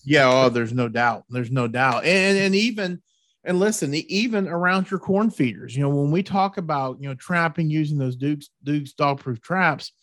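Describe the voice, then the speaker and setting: A man's voice: on the high side, moderate pace, a bit bright, no room sound, clean studio sound. A man hosting a hunting show, talking in a folksy, repetitive, pushy way. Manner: folksy, repeats words, pushy about tips. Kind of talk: casual podcast chat.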